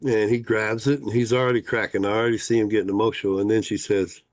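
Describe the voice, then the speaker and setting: Low-voiced folksy man. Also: flat delivery, fast talker, no room sound. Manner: folksy and rambling, with many "uh" fillers. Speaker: fishing guide and talk show host. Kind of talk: casual livestream chat.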